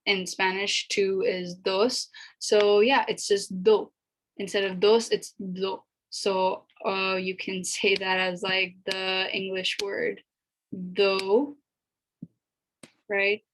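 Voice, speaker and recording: Slow, patient woman teaching a lesson. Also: mid-range voice, low-quality recording. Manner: patient, chatty explaining with many fillers. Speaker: language teacher. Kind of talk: casual video lesson.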